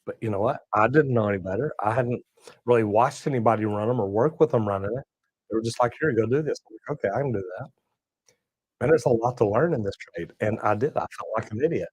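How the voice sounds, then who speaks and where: A man's voice: on the low side, fast, breathy edge, no echo, poor audio. A middle-aged man, hosting a casual livestream and reading chat messages in a folksy, drawling way. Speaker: plumbing channel host reading live chat.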